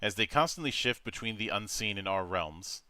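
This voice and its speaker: A man's voice: fairly low pitch, expressive, normal speed, sharp tone, no echo. A man hosting a tabletop game stream, reading rules with many fillers and restarts. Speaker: game master.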